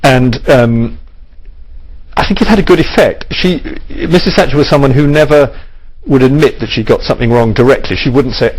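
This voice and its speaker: Man, mid pitch, animated interview answers, stammered restarts. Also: normal speed, breathy edge, poor audio.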